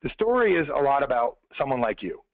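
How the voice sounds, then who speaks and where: A man telling a motivational story on a conference call, talking fast and conversationally, addressing the listeners directly. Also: medium pitch, very animated, no room sound. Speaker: motivational speaker. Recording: tinny phone-line call.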